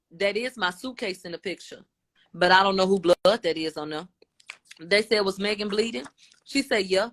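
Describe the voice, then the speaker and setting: Woman retelling a courtroom exchange. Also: medium pitch. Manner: retells a dialogue, quotes each question and answer in a lively tone. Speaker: radio show host. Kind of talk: recounting court testimony, casual.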